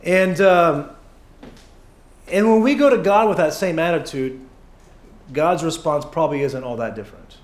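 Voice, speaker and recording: A man delivers a sermon in a relaxed, conversational way, joking with the congregation and slipping into little acted asides. His voice sits high for a man, and the sound rings with the echo of a church hall. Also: normal speed, pauses often. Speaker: pastor. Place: church sanctuary.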